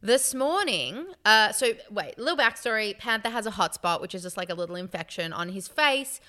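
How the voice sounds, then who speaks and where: A young woman co-hosts a casual talk show. She tells stories in an animated way and acts out what people said, and her voice sounds bright and forward. Her tone stays clean and smooth throughout. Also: mid-range voice, moderate pace. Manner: animated storyteller, acts out quotes. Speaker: podcast co-host. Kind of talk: casual chat.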